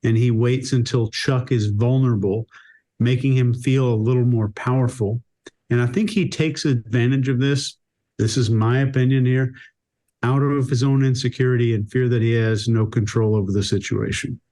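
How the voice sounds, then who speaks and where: A man's voice: medium pitch, fairly even intonation, normal speed, warm tone. Methodical male panelist. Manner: methodical, lists points in order. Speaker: body language panelist. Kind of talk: casual panel discussion.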